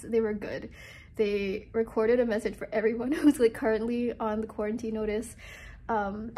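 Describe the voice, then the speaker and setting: A woman's voice: on the high side, mellow, slightly rough. A young woman from Singapore chatting casually in a hotel room video diary, rambling and upbeat, filmed on a handheld phone. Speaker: vlogger. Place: small hotel room, indoors.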